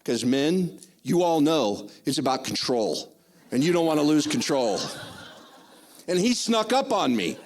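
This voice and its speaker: An older man giving a spoken testimony in church, rambling and excitable, with many restarts. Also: on the high side, measured pace, a little hiss or hum.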